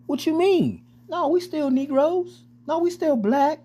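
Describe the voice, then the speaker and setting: A man putting on a squeaky indignant protester. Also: lively intonation, a little slow, mellow. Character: high-pitched, indignant mocked everyday man protesting.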